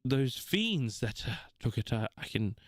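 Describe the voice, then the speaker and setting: A man voicing a young high elf princess who speaks formally and gratefully. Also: very animated, unhurried, no echo, studio quality. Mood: gracious.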